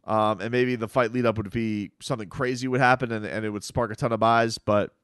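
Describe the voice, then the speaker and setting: A man's voice: fairly low pitch, steady tone, a little fast, a bit bright, smooth, no room sound, clean studio sound. A man talking through sports news in casual commentary, rambling and conversational with frequent restarts.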